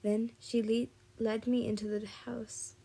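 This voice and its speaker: A tired woman reading a fan fiction story aloud, slowly and with frequent restarts. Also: on the high side, flat delivery, creaky, dark tone, husky. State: tired and yawning.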